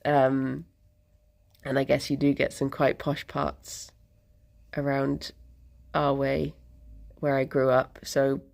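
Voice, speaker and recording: A woman's voice: extremely low pitch, flat delivery, takes it slowly, creaky, long pauses, darkish tone. A young woman from near London, chatting casually with her stream viewers, laughing often and losing her thread mid-sentence. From England, near London. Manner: chatty and giggly, drifting off mid-thought.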